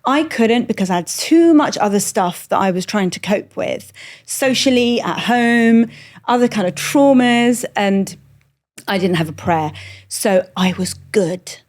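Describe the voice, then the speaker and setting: An animated middle-aged woman from London, speaking with a middle-class English accent at an ordinary middle pitch. She tells candid stories as a podcast guest, with quick jokey asides that keep the talk lively. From London, England. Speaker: guest, comedian. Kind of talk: candid conversational storytelling.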